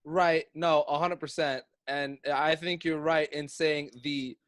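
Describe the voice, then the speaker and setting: A man's voice: on the high side, little pitch movement, takes it slowly, fairly bright tone, no room sound. A man hosting a podcast, talking casually in a wry, sarcastic way and swearing freely. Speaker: podcast host.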